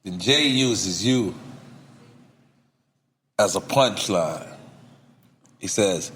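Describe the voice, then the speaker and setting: A man's voice: sits low, animated, very slow, pauses often, fairly bright tone. A man co-hosting a podcast interview, asking questions and reacting often with short interjections. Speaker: podcast co-host. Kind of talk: interview banter.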